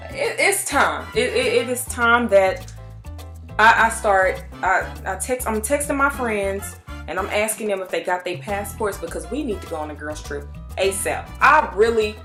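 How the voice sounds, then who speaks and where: A young woman chatting excitedly through a casual movie review, full of restarts and asides. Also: mid-range voice, normal speed, soft background music.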